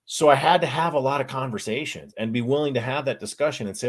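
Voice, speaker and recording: A man's voice: mid-range voice, quick pace, hardly any pauses. A man answering audience questions at a conference, candid and self-deprecating, telling personal stories with frequent restarts.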